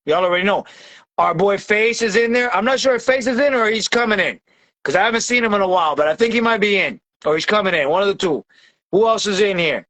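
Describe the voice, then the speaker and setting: Excitable high-voiced man hosting a live chat; loud and slangy, shouts often. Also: fast talker. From Tampa, Florida. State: sweating from heat. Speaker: livestream host. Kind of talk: excitable casual livestream chat.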